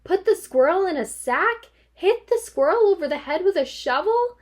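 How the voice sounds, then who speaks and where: Woman reading as a flustered storybook dad, squeaky and high-pitched, close to tears. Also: expressive, moderate pace. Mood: despairing. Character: despairing, bewildered dad, squeaky.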